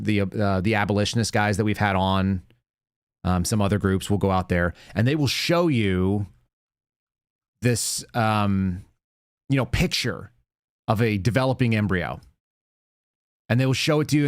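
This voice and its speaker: A man's voice: on the low side, moderate pace, clear, resonant tone, no echo, studio quality. A man hosting a live commentary show, talking in a blunt, indignant, rambling way. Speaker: show host.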